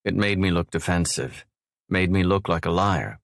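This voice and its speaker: A man with a very deep voice reads a first-person romance audiobook in a measured, low-key way. The sound is dry and close, with no room around it. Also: gravelly, no echo. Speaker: audiobook narrator.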